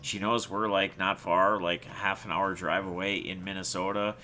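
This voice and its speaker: A man's voice: low voice, flat delivery, moderate pace, bright, forceful tone, a little hiss or hum. A man hosting his own channel, telling viewers a personal story in a rambling, reflective way with many restarts. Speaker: channel host.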